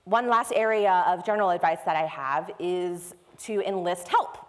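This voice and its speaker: A woman's voice: fairly low pitch, moderate pace. A woman giving a technical conference talk, explaining step by step in a conversational way. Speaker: conference speaker. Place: large conference hall. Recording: long hall reverb.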